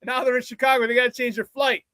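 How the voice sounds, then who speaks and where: A man's voice: extremely high pitch, little pitch movement, racing, pushed and bright, no room sound. A man hosting a casual live sports talk show, chatting with viewers, laughing often and repeating phrases for emphasis.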